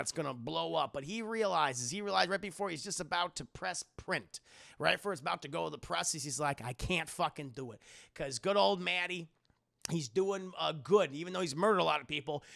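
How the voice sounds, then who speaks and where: Male streamer, slightly high and gravelly; crude, animated plot recap aimed at his chat. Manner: profane, animated, addresses chat. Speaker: streamer and film reviewer. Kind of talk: casual livestream movie recap.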